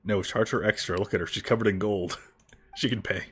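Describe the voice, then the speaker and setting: A man's voice: fairly low pitch, steady tone, fairly quick. A man streaming a video game, joking around and reading the dialogue aloud. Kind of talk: casual gameplay commentary.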